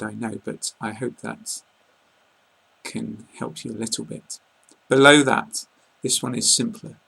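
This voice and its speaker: A British man giving a casual online pronunciation lesson, speaking slowly and carefully and repeating example words. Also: mid-range voice, vocal fry, fairly bright tone, husky, rough recording. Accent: British English. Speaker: English pronunciation teacher.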